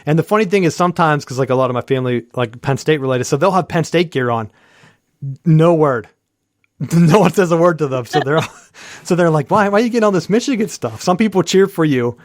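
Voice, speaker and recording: Higher-voiced man telling a rambling story. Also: brisk, dry recording, clean studio sound. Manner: rambling storyteller acting out quoted people; heavy use of "like" and fillers. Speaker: podcast co-host. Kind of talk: casual sports chat.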